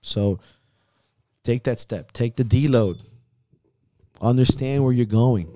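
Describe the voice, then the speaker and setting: A man's voice: mid-range voice, slow pace, warm tone, dry recording. A man hosting a podcast, giving a heavily profane, intense motivational pep talk in a casual chat. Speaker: podcast host.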